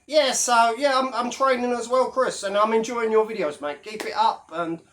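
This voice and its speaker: A man's voice: very high-pitched, fairly even intonation, normal speed, fairly bright tone. Man, casual vlog rant, brash, sweary, mocking. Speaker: YouTube commentator. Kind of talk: casual ranting monologue.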